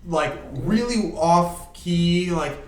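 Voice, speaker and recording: A man's voice: high-pitched, extremely slow. A young man co-hosting a casual podcast chat, rambling through stories with fillers and restarts. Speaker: podcast co-host. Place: room shared by a group of friends. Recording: echoey room.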